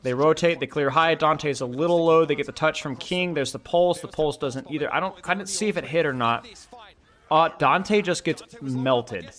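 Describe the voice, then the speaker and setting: A young man hosting a live co-stream, trading animated jokes with his chat between reads of the match. His voice is bright and slightly high for a man. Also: moderate pace. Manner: animated, joking, talks straight to chat. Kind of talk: casual live-stream commentary and chat banter.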